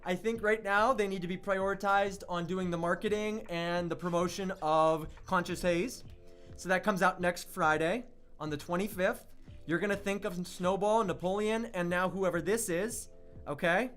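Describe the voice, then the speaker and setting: A young man hosting an online radio livestream, chatty and excitable, reading viewer chat and hyping an upcoming release. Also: sits high, moderate pace, smooth, faint music behind. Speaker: online radio show host.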